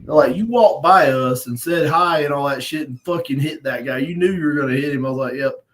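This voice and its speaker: A man telling a rough story in casual chat, blunt and profane, laughing at himself. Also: a little high, brisk, a bit bright, slight background noise, poor audio. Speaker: podcast host. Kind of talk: casual storytelling on a live stream.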